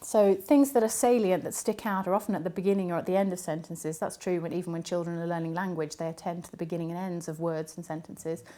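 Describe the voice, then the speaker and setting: A woman linguist answering interview questions, explaining patiently with frequent ums and pauses. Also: on the low side, fairly even intonation, dark tone. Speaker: linguist and university academic.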